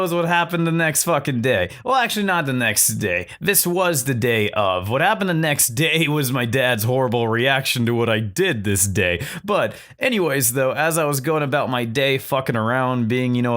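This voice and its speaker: A young man from Virginia telling a profane, self-mocking storytime, switching into animated voices for the people in it. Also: medium pitch. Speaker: storytelling vlogger. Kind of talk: casual storytime monologue.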